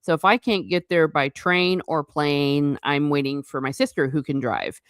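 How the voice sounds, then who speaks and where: Chatty woman host with a low, dry voice. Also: moderate pace, clean tone, no room sound. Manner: chatty and rambling, laughing often, self-correcting. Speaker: livestream host; former teacher. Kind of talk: casual livestream chat reading comments.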